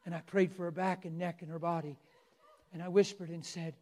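A male preacher telling a story in a sermon, swinging from soft coaxing to loud exclaiming. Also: fairly high pitch, little pitch movement, brisk.

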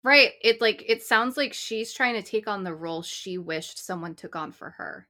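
A woman's voice: medium pitch, normal speed, sharp tone. A woman co-hosting a podcast, mostly giving short reactions and comments in casual chat. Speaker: podcast co-host.

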